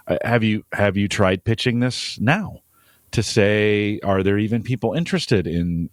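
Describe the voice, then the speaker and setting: A man co-hosting a podcast, speaking in a lowish voice with measured, practical advice. He often repeats a word as he gathers his thought. The sound is dry and close, with no room around it. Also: dry recording. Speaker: podcast co-host. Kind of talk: casual podcast chat.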